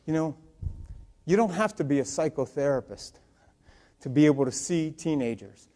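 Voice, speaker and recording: A man's voice: on the high side, animated, moderate pace. Earnest man giving a storytelling talk. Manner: earnest, swings from loud to hushed. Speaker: public speaker.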